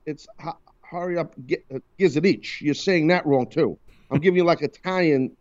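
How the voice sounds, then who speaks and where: A man's voice: on the high side, moderate pace, darkish tone, highs cut off. A man hosting a radio talk show, chatting loosely and teasing his co-hosts. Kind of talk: casual on-air banter.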